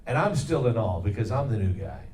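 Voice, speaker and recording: Middle-aged man, low voice, easygoing anecdotes, roomy hall, distant mic. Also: big pitch swings, brisk, darkish tone, a little hiss or hum. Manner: easygoing, self-deprecating, with fillers. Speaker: voice actor guest at a Q&A panel. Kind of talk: casual anecdotal storytelling. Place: comic convention panel room.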